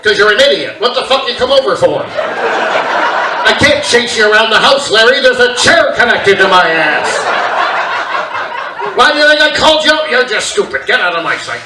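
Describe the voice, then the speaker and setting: A man's voice: mid-range voice, expressive, normal speed, recorded from a distance, heavy background noise, voice pushed down, close to an everyday voice. A man playing a short-tempered 1970s father who barks orders from his recliner, recorded in a roomy live theater with an audience. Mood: angry. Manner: barking, short-tempered yelling. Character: gruff angry 1970s dad in a recliner.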